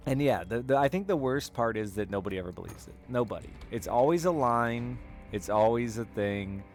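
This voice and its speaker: A man's voice: mid-range voice, animated, moderate pace, a little mellow, soft background music. A man streaming and chatting with viewers, telling candid, rambling personal stories with frequent laughs. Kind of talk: casual chat with stream chat.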